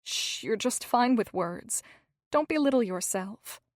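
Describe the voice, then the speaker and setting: A woman's voice: a little high, lively intonation, a little slow, no room sound, studio quality. A woman voicing a tearful young woman with a troubled past in an audiobook, earnest and pleading.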